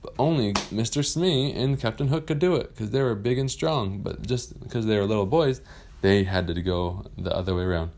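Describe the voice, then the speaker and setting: A man with a fairly low voice spins an improvised bedtime story. He talks in a relaxed, rambling way, with plenty of pauses and fillers.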